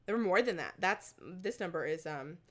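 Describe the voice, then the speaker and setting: Chatty young woman, slightly low voice. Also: expressive, moderate pace. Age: young adult. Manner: chatty, many likes and ums, laughs while telling. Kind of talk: casual chat.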